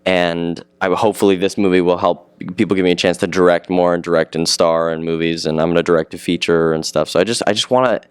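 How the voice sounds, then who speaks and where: A man's voice: deep voice, fairly even intonation, fast, few pauses, clear, resonant tone, no echo. A seventeen-year-old male actor chatting eagerly in an interview, rambling and repeating himself as he talks. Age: teens. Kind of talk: casual interview chat.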